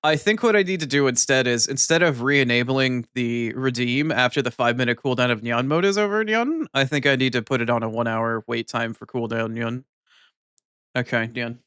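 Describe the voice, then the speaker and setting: A man's voice: medium pitch, a bit bright, smooth, no echo. Male streamer, chatty and profane, dry booth-like audio. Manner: loose, swearing, ends lines with a cat-like "nyan" tic; talks while eating, mumbled and unhurried. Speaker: live streamer. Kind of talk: casual chat with viewers.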